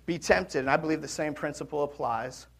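A man preaching a sermon in a conversational way, swinging between loud emphasis and quiet, hushed drops. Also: a little high, fairly quick, vocal fry. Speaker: pastor.

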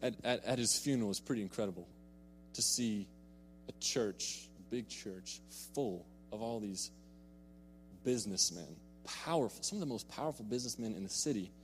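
A man's voice: fairly low pitch, a little hiss or hum. A young man preaching a sermon, telling a personal story in an earnest way and repeating words when he is emphatic. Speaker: pastor. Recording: long reverb in a large hall.

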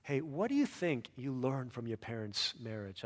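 Male pastor, sermon, earnest, mid-pitched voice, long hall reverb. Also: big pitch swings, normal speed. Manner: earnest, builds to loud emphatic peaks then drops soft.

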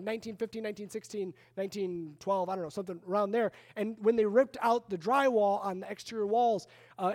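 A man preaching a sermon in a conversational, animated way, retelling a story with frequent restarts. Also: sits high. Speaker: pastor.

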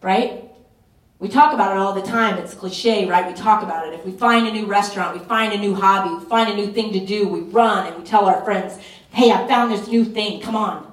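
A woman's voice: medium pitch, brisk. A woman pastor preaching a fervent, urgent sermon at a retreat, pressing her points with emphatic repetition. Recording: roomy echo, voice from a distance.

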